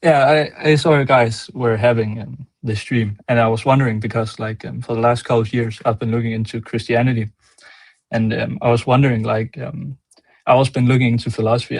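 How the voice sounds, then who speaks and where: Young male caller, Danish accent, flat pitch, dry sound, hesitant and halting. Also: gravelly, no room sound. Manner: hesitant, fills with "like" and "um".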